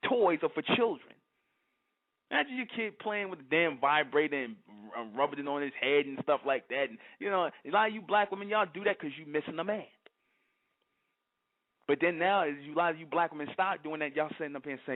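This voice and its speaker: A man's voice: fairly high pitch, animated, a little fast. A man hosting a monologue, lecturing emphatically and firing off rhetorical questions. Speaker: host. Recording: tinny phone-line sound.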